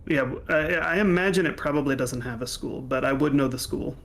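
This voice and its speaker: A man playing a tabletop game, chatting in a thoughtful, deliberate way. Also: medium pitch, creaky, fairly bright tone. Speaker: player.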